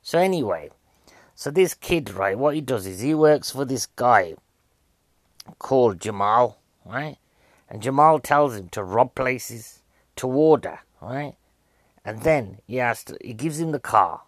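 A man's voice: medium pitch, expressive, a little slow, dry recording. A man giving a casual, jokey, rambling film review, a bit out of breath.

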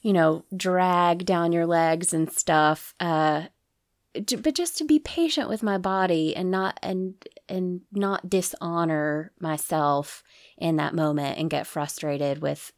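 A woman guest on a podcast, talking over her art in an earnest, searching way and often circling back to restart her thought. Her voice sits fairly low and sounds dry and close to the mic. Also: vocal fry, dry recording. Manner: earnest and reflective, with restarts and soft laughs. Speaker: guest, burlesque performer and musician. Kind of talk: casual interview chat.

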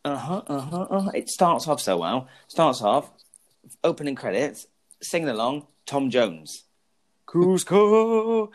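A man's voice: mid-range voice, animated, moderate pace. A man co-hosting a podcast, joking crudely and rambling through film plots. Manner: cheeky, crude jokes, rambling storytelling. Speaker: podcast co-host. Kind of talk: casual banter about films.

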